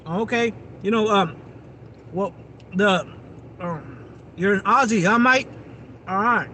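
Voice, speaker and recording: A man with a notably high voice rambles through a casual livestream, talking straight to his viewers. He is outdoors, and faint vehicle noise hums in the background. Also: takes it slowly, bright, forceful tone. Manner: rambling, chatty, addresses viewers directly. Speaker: live streamer.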